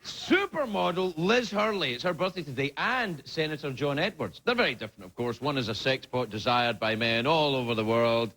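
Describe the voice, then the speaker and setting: A man in his forties, a late-night talk show host delivering a comic monologue with animated, mock-outraged outbursts. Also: medium pitch, a little fast, hardly any pauses. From Scotland. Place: TV studio stage before a live audience. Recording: loud studio audience noise.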